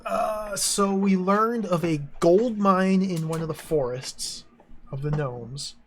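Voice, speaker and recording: A man giving slow, musing commentary on a retro game and reading its text aloud. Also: sits high. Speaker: streamer playing a retro game.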